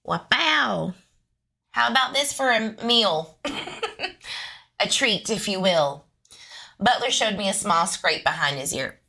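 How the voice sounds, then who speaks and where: A woman with a sharp, forceful voice, reading police records aloud for a true crime channel. She keeps stopping to toss sarcastic, chatty remarks at her audience. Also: medium pitch, expressive, a little slow, gravelly. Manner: sarcastic, chatty asides to viewers. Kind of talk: reading police documents with casual commentary.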